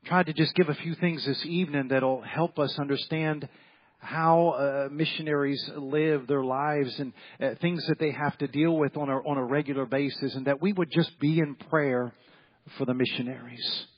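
Man, pastor, sermon, folksy, repetitive, slightly husky, dull lo-fi recording. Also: a little high, fairly even intonation, normal speed. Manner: folksy, repetitive, acts out quoted voices. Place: church sanctuary.

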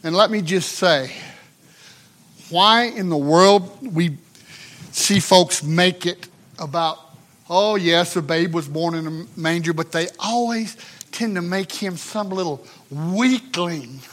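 A man preaching a sermon, swinging between shouted emphasis and hushed, drawn-out passages. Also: high-pitched.

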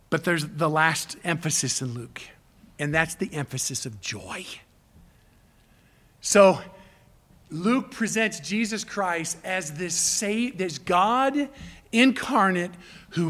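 A man preaching a sermon, emphatic, swinging between loud appeals and hushed near-whispers. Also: high-pitched.

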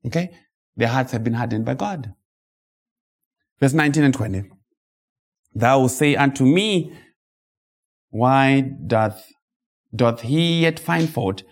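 Here a man gives an emphatic, rhetorical expository sermon. He reads scripture slowly and dramatically, now and then erupting into sudden high-pitched outbursts.

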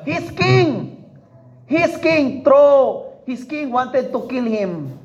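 A man's voice: extremely high pitch, big pitch swings, extremely slow. A man preaching a sermon, repeating phrases for emphasis and asking the congregation questions. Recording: dull lo-fi recording.

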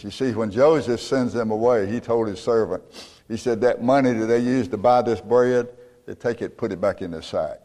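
A man preaching a sermon as pastor, emphatic and building to loud peaks. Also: on the low side, moderate pace, long reverb tail. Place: church.

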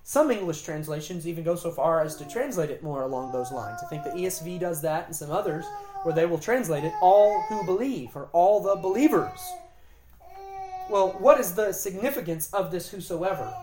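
A woman teaching scripture in an emphatic, explanatory way, her pitch rising and falling a lot as she stresses key phrases. She is recorded in an echoey room. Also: lively intonation, normal speed, background noise. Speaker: Bible teacher. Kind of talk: Bible teaching on scripture and grammar.

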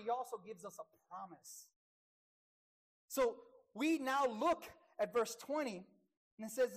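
Woman preacher with a fairly high voice; emphatic sermon, swinging between hushed and loud, stretching key words. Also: animated, unhurried.

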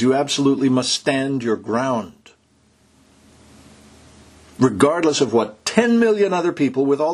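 Male pastor, sermon delivery, emphatic and exhorting, animated pitch, slightly husky. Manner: emphatic, exhorting, slows to stress key words.

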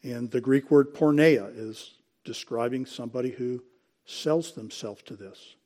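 A man preaching a sermon, explaining scripture and citing verses, calling the congregation folks and clearing his throat now and then. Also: mid-range voice, measured pace, dark tone.

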